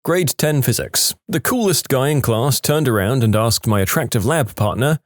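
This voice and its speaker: A man's voice: mid-range voice, moderate pace, hardly any pauses, dry recording, studio quality. A man reading funny short stories aloud as a narrator, with wry asides and acted-out quotes. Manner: lively storytelling, acts out quotes, wry asides. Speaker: storytime narrator.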